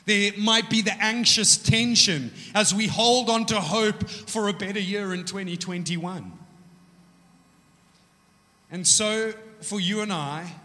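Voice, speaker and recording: A man preaching a sermon in a church, casual and joking, telling stories with animated energy. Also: high-pitched. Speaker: pastor. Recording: echoey church hall.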